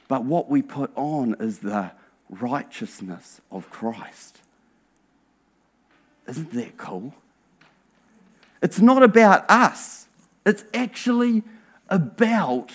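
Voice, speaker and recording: A man preaching a sermon as pastor, earnest and emphatic, asking rhetorical questions and dropping to a hushed voice at times. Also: high voice. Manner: earnest, drops to a hushed near-whisper for emphasis.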